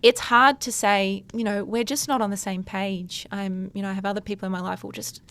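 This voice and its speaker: A woman's voice: mid-range voice, fairly even intonation, fairly quick, a bit bright. A woman, a counselor, talking openly and reflectively as a podcast host. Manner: open, personal, reflective. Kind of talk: casual conversation.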